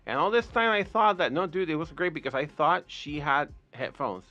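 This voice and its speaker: A man from Puerto Rico, a podcast guest, telling a wild story in a casual, profane, animated way. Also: on the high side, moderate pace, lo-fi sound, faint music behind.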